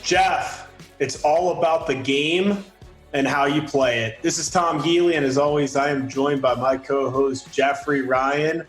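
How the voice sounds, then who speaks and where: A man hosting a podcast in relaxed, casual chat, often pausing with fillers. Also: fairly high pitch. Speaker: podcast host. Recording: roomy sound with faint music.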